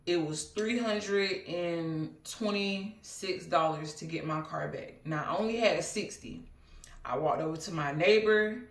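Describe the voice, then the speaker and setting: A woman's voice: on the low side, a little slow. A woman recounts a personal story in a loose, rambling, earnest way, filling gaps with "um" and side remarks. Her voice sits some way off the mic, and the room around it rings noticeably. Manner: rambling, earnest, many fillers and asides. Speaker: vlogger. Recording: roomy, mic at a distance.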